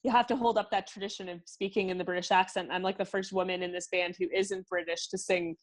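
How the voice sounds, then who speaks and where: A woman's voice: fairly low pitch, level tone, quick pace. A woman in her thirties with a Canadian accent, a singer chatting freely as an interview guest, laughing often and filling with "like". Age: 30s. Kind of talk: casual interview chat.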